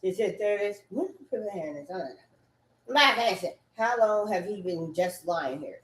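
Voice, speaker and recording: A woman rambling casually and repetitively, swearing often and breaking into loud outbursts, sitting at home on a couch. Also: mid-range voice, expressive, moderate pace. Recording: echoey room.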